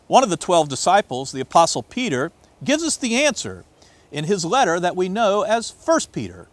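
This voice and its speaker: Lively, expressive male pastor preaching. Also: fairly high pitch, no echo. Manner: expressive storytelling, swings between loud and hushed. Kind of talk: sermon with scripture reading.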